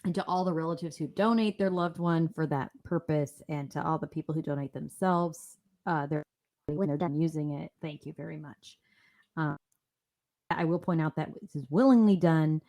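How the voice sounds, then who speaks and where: A woman's voice: low-pitched, moderate pace, dark tone. A woman in her fifties co-hosting a casual true-crime podcast, joking around between the facts. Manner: joking, slips into silly put-on voices. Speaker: podcast co-host.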